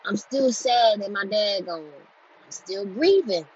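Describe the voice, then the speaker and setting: A woman's voice: mid-range voice, expressive, takes it slowly, husky. Blunt, profane woman with a drawl. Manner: blunt, profane, emphatic and repetitive; grows louder and more forceful as she goes. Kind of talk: candid monologue on healing. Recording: dull lo-fi recording with faint noise.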